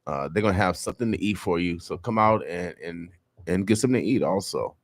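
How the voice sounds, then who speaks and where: Brief: male morning-radio host, animated hype talk, low-ish voice, dry booth. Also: fast, no echo. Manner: animated, hype community announcements.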